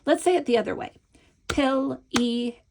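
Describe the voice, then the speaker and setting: A middle-aged woman teaching a lesson, patient and explanatory, slowing down to model each sound and often checking in with "right?". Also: a little high, lively intonation, noisy background. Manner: slows and stretches words when modeling sounds. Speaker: teacher trainer. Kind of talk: instructional video lesson.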